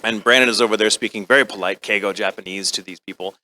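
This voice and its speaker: A man's voice: lowish voice, fast talker. An American man telling a comic story at a convention panel, acting out the voices of the people in it. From United States. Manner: animated, comic, acts out voices. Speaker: convention guest actor.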